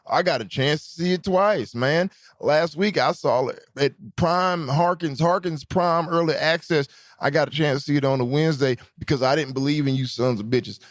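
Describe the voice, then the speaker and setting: A man hosting his podcast, riffing in an animated, profane, emphatic way in casual chat. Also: a little high, normal speed, hardly any pauses. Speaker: podcast host.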